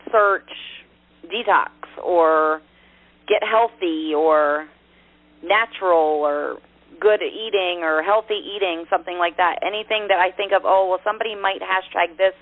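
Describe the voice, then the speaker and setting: A woman's voice: lowish voice, a little slow, no echo. A woman telling a story on a team call, rambling and correcting herself as she talks. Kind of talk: casual call chat. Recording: dry, tinny phone line.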